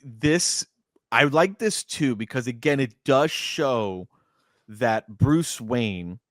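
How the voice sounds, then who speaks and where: A man co-hosting a casual podcast, lively and expressive, with a medium-pitched voice. He often jumps into exaggerated voices for quotes. The sound is close and dry, with no room in it. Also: slow pace, no echo. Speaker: podcast co-host. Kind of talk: casual movie breakdown chat.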